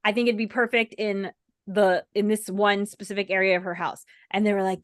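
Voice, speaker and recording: A woman's voice: mid-range voice, flat delivery, brisk, no room sound, studio quality. A woman co-hosting a casual chat, talking easily and laughing often. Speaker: co-host.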